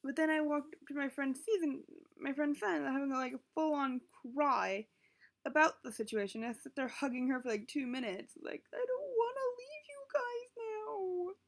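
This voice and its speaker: High-pitched, gravelly young woman vlogging. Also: normal speed. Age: late teens. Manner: rambling, self-interrupting, emotional. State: sore throat. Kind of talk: confessional webcam vlog. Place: at home, indoors. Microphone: built-in computer webcam mic.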